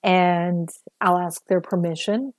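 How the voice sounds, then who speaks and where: A woman's voice: on the low side, fairly even intonation, slow pace, no room sound. A woman giving a casual livestream talk as a spiritual teacher, chatty and earnest with many fillers, a little sore after a busy day.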